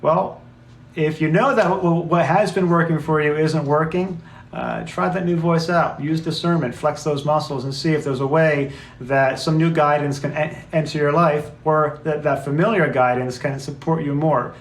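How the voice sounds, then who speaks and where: A man's voice: fairly high pitch, fairly even intonation, moderate pace. A man co-hosting a spiritual talk show, speaking in an earnest, reflective way and coaxing his listeners. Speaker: co-host. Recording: roomy echo, faint background noise.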